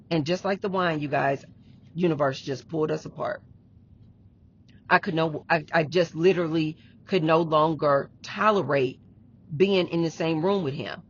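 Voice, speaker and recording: A woman's voice: mid-range voice, fairly bright tone, breathy edge, highs cut off. A woman vlogger telling a personal story in casual, emphatic speech, repeating herself and addressing her viewers directly. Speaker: relationship advice vlogger.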